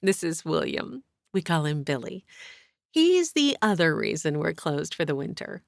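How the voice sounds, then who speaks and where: A woman's voice: deep voice, wildly swooping pitch, unhurried, vocal fry, no echo, clean studio sound, full character voice. A woman reading an audiobook, voicing a chatty, cheerful young innkeeper and mother with a bubbly, welcoming manner.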